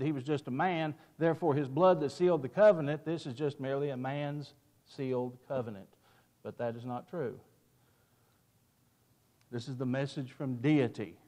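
A man teaching a Bible class who stresses key words, cites chapter and verse, and answers his own questions. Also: medium pitch. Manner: leads with questions and answers them himself.

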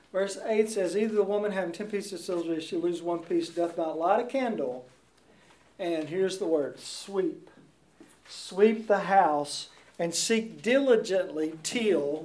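A man's voice: sits high, a little mellow. A man preaching a sermon in a church, emphatic and repeating his key words, recorded from a distant mic in a roomy space.

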